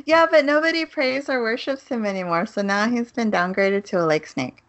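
A woman's voice: fairly high pitch, moderate pace, a bit bright, slight background noise. A woman co-hosting a podcast in casual chat, laughing often as she retells scenes of a show. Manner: chatty storyteller, laughs often, retells scenes with quoted voices. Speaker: podcast co-host.

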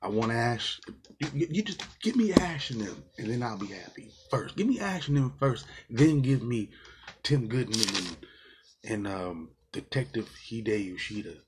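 A man's voice: medium pitch, expressive, normal speed, noisy background. A man giving a casual, exasperated movie review, rambling with fillers and swearing often. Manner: rambling with many fillers and restarts.

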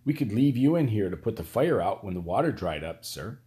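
A man voicing a cunning, calm older male court magician, talking in a measured, quietly theatrical way. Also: on the low side. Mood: calm, sly.

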